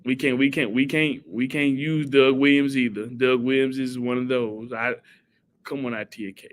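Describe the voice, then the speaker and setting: A man hosting a casual live stream, reading viewer comments aloud and giving shout-outs in an animated way. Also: mid-range voice, moderate pace.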